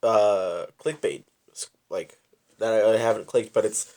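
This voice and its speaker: Young man with halting, sweary storytelling. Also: on the low side, steady tone, creaky, a little mellow. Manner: profane, halting, drawn-out storytelling. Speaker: podcast co-host. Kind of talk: casual chat.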